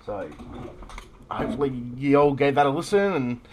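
A man's voice: mid-range voice, sing-song, normal speed. An Australian man hosting a casual podcast chat, rambling with lots of fillers and frequent laughs. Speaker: podcast host.

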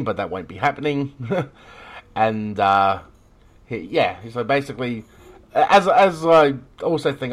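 An Australian man hosting a casual podcast chat, rambling with lots of fillers and frequent laughs. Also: lowish voice. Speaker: podcast host.

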